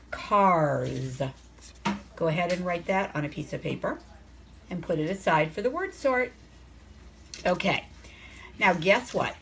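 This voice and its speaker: A woman teaching a phonics lesson to young children, sounding out letters slowly and asking the class coaxing questions. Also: mid-range voice, a little hiss or hum. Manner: slow, sounds out letters and words.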